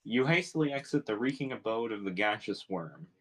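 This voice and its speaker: A man narrates a webcomic aloud in a steady, second-person reading. His voice sits on the low side. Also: brisk, rough recording. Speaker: reader.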